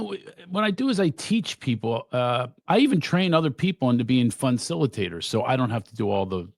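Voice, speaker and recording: A man's voice: on the low side, gravelly, no echo, clean studio sound. A middle-aged man, a guest comedian, chatting on a podcast and acting out quotes with animation. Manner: animated storyteller, acts out quotes. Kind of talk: casual podcast chat.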